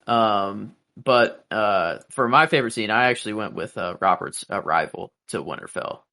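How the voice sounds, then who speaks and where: A man's voice: on the low side, moderate pace, bright, forceful tone. A man co-hosting a podcast, chatting casually in a musing, hesitant way. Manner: musing, hesitant, many fillers and restarts. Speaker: podcast co-host. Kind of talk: casual chat.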